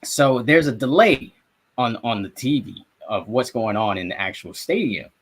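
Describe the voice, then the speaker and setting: A young man from South Florida tells a sports story in a loose, animated podcast chat. His pitch sits in an ordinary middle range for a man. He acts out his own reactions and swears freely along the way. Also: moderate pace, breathy edge. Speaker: sports podcast co-host and reporter. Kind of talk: casual sports talk.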